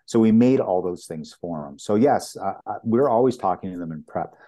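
Canadian guy, older, deep mellow voice, swaps stories and does the voices. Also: moderate pace. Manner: animated storyteller, acts out quoted dialogue. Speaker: property master, guest. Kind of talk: anecdotal storytelling in an interview.

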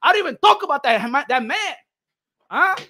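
A man's voice: very high voice, very animated, a little fast, bright, forceful tone. A man from New York ranting heatedly as a boxing commentator, switching between English and Spanish in a mocking way. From New York City.

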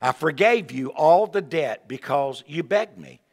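A man preaching a revival sermon in a folksy, animated way, with asides and repeated words. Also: a little high, unhurried. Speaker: evangelist preacher. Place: large church sanctuary. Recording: long hall reverb.

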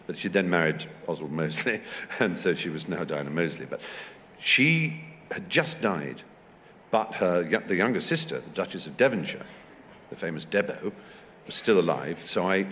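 An English man in his fifties telling anecdotes at a festival talk, lively and animated, slipping into high voices to act out what people said. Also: normal speed, a little hiss or hum. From England. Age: 50s. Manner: animated storyteller, acting out quotes with high squeaky voices. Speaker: guest speaker. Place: large festival hall. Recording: echoey hall recording.

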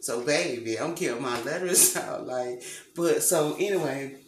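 A woman's voice: extremely low pitch, a little slow, slight background noise. A woman chatting casually to her viewers in a vlog, rambling and calling them "y'all", from a kitchen with the lights off. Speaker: vlogger. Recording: echoey room with faint background ambience.

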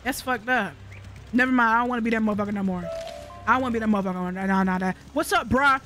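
High-pitched woman joking through a game. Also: fast, pushed and bright, soft background music. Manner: profane, joking, talks back to game characters. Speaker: gaming channel host. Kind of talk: comedic let's-play commentary.

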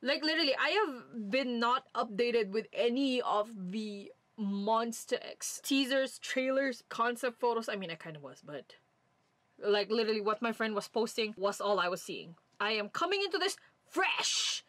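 A woman's voice: fairly high pitch, lively intonation, normal speed, fairly bright tone, no room sound, poor audio. A young woman reacting to a music video, gushing and flustered, with music playing behind her. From Canada. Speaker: reaction vlogger.

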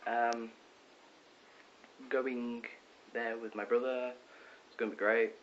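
A teenage boy vlogging from his bedroom, rambling excitedly with lots of ums and self-corrections. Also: mid-range voice, takes it slowly. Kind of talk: casual rambling vlog. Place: bedroom at home. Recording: dull lo-fi with faint hiss.

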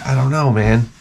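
A middle-aged man talks straight to his channel, ranting through stories with plenty of swearing. His voice sits at an ordinary pitch, and he wanders off track, restarts his sentences and keeps chuckling at himself. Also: creaky, slight background noise. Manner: profane, ranting storyteller. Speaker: channel host. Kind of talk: rambling comedic monologue.

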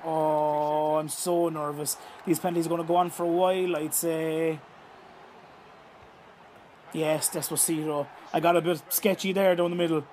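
A young Irish man with a high-pitched voice calls a football video game as he plays it. His commentary is excitable, full of swearing and outbursts at the screen. A faint hiss of background noise sits under his voice. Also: moderate pace. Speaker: gaming YouTuber. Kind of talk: live gameplay commentary.

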